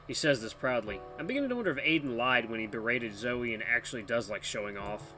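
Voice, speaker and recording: A man hosting a let's play, chatty and animated, reading game text and the main character's lines. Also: medium pitch, moderate pace, hardly any pauses. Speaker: gaming channel host. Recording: background music under voice.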